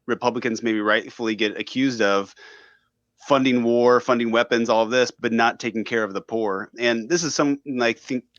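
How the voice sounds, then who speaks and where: A man's voice: mid-range voice, steady tone, moderate pace, a bit bright, dry recording, muffled recording. A man, a radio host appearing as a podcast guest, talking thoughtfully in casual conversation and hedging often with fillers.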